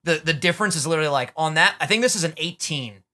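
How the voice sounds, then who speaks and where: A man's voice: on the high side, lively intonation, fast talker, sharp tone. A young man co-hosting a casual podcast, joking crudely and swearing as he chats at a studio desk. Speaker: podcast co-host. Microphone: studio mic at a podcast desk.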